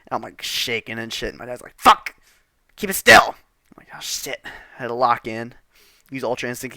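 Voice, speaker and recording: A man's voice: mid-range voice, bright, forceful tone, dry recording, studio quality. A man telling a rambling, profane storytime, exasperated and casual.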